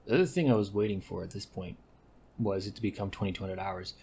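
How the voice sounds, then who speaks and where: A man giving casual gameplay commentary, rambling and correcting himself with deadpan asides. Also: low voice, fast talker, creaky, a little hiss or hum. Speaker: gaming commentator.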